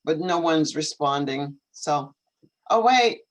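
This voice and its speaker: Live-stream host, English teacher: slow deliberate pace, talks through setup troubles aloud, repeats questions. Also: medium pitch, lively intonation, rough recording. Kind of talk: casual live-stream chat. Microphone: computer video call.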